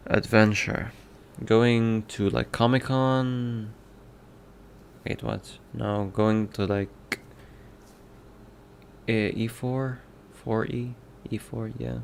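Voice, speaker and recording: A man's voice: mid-range voice, gravelly, slight background noise. Rambling man streaming casually. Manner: rambling, self-correcting, with many fillers. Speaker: indie game developer and streamer. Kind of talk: casual livestream talk.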